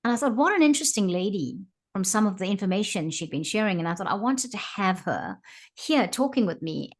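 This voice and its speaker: A woman's voice: mid-range voice, expressive, fairly quick. A woman host from South Africa with a South African accent, chatting casually with a guest, laughing often and restarting her sentences. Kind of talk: casual conversational interview.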